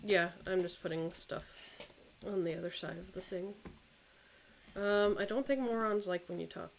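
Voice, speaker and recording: A woman's voice: lowish voice, normal speed, vocal fry, slight background noise, low-quality recording. A woman chatting casually over a ghost-hunting game, blunt and bossy and swearing. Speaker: streamer. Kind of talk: casual gameplay chat.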